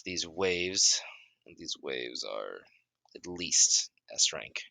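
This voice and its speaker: A man voicing a confident male guild master in a fan-made story, speaking in a measured, unhurried way. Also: a bass voice, expressive, creaky, bright, forceful tone, no room sound, exaggerated voice. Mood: serious.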